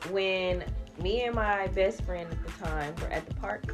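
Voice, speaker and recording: A woman's voice: mid-range voice, a little slow, over loud music. A young woman hosting a podcast and telling a funny story in a loose, laughing way. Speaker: podcast host. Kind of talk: casual chat, storytelling.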